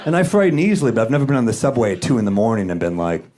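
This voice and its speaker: A man in his thirties doing a stand-up set with dry, deadpan one-liners on a handheld stage mic. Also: mid-range voice, racing, heavy background noise. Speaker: stand-up comedian.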